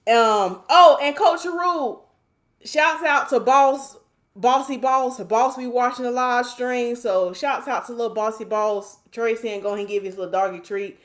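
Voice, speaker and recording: Woman on a live stream, chatty n playful, bit higher voice, keeps repeating stuff. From North Carolina, US. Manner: chatty, playful, repeats phrases, reads comments aloud. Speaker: hair stylist hosting a live stream. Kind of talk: casual live stream chat reading comments.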